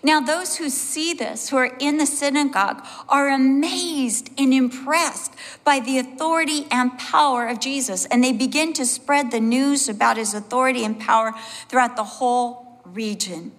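A woman pastor preaching a sermon, telling animated personal stories and acting out the voices of the people in them. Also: sits high, moderate pace. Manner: animated storyteller, acts out voices, laughs along. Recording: long hall reverb.

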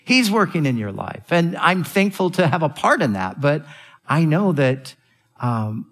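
A man preaching a sermon as a pastor, earnest, repeating phrases and restarting sentences. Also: medium pitch.

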